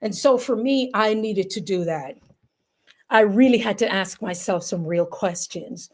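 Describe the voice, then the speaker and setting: A young woman with a Jamaican accent hosts a casual livestream. She chats warmly with her viewers, reads their comments aloud and laughs often. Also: mid-range voice, a little slow. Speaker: livestream host. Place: home in New York.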